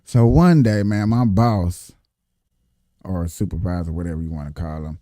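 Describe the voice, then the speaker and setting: A man with a dark, mellow voice tells a rambling, animated story straight to his viewers. He repeats phrases for emphasis and keeps calling out to his audience. The sound is dry and close, with no room around it. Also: low-pitched, normal speed, dry recording. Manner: animated, repeats himself, addresses viewers as y'all. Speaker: vlogger telling a work story. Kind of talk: casual storytelling.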